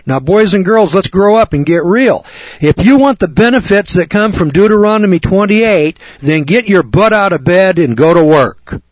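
A man preaches a sermon in a blunt, punchy, folksy way. His voice is husky. The recording is dull, lo-fi and dry. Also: high-pitched, expressive, moderate pace, dry recording.

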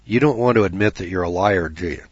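Talking fast in a deep voice, an American man delivers a rambling, folksy sermon-like talk, saying "you know" again and again and asking his audience questions. The recording is dry, dull, and lo-fi.

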